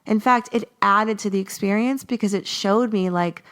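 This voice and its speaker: A Los Angeles woman in her forties, hosting a podcast, talks through a personal story in a casual, animated way and acts out her past lines. Her mid-range voice is a bit bright, at normal speed.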